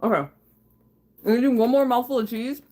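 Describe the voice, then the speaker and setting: Her voice is a little high with a dark tone, and she talks fairly quickly. She's a livestream host in her home kitchen, reading viewer comments and chatting casually with plenty of swearing, laughter and fillers.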